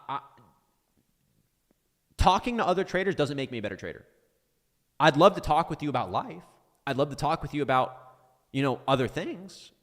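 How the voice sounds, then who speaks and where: Fiery profane male trading mentor, lively pitch. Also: long reverb tail. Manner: intense and profane, swearing often, stumbling over restarts. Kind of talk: heated live-stream rant answering viewer questions.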